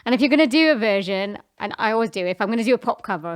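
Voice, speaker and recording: A woman's voice: mid-range voice, expressive, rapid-fire. Laughing Welsh woman singer, chatty. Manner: laughs often, self-deprecating. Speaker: guest singer. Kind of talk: casual podcast chat. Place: live recording at a house venue.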